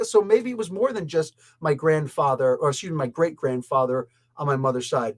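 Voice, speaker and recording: Exasperated man ranting in a casual review. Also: high voice. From Canada. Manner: exasperated, rambling, emphatic. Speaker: comic and pop culture reviewer.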